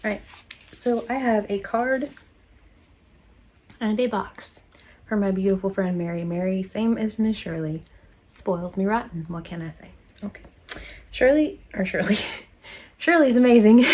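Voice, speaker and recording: A woman's voice: medium pitch, unhurried, pauses often, darkish tone. A woman vlogger opening mail on camera, chatty and rambling, gushing and laughing often. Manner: gushing and emotional. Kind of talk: casual chat.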